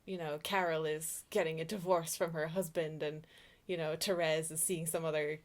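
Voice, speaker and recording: Laid-back, lower-voiced woman co-host. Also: normal speed. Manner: relaxed, lots of fillers, laughs easily. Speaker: podcast co-host. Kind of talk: casual film chat.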